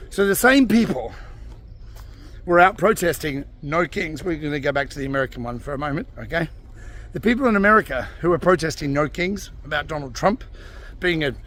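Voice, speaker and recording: Guy on a sweary angry rant, sighs a lot, raspy gravel in the voice. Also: high-pitched, fairly bright tone. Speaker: vlogger. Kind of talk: ranting commentary.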